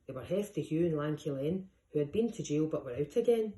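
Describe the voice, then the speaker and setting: A woman, a teacher, reading a rhyming picture book aloud in a lively, sing-song way. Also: sits low, fairly quick. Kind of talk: storybook read-aloud. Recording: echoey room.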